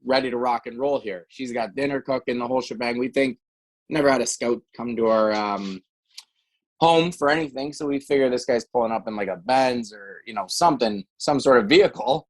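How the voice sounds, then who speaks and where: A man's voice: mid-range voice, a little fast, low-quality recording. Rambling middle-aged man telling stories. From Canada. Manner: rambling, many restarts and fillers. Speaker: podcast guest, former hockey player. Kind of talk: casual storytelling.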